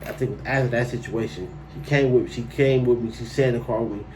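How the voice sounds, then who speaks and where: A man's voice: mid-range voice, steady tone, fast, darkish tone, recorded from a distance, a little hiss or hum, low-quality recording. A man telling a personal story to camera in a casual, slangy way, breaking into incredulous outbursts.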